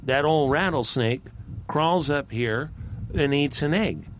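A man's voice: a little high, slow pace, a little hiss or hum, voice pushed up. A man doing a distraught raven wife.

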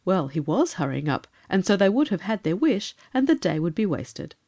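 Lady reading a kids story aloud, warm mellow voice, calm. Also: lowish voice, normal speed. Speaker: narrator.

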